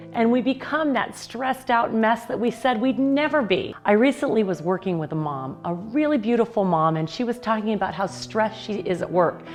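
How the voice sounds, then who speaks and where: A woman life coach giving a motivational talk, telling a client's story earnestly with emphatic pauses. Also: on the high side.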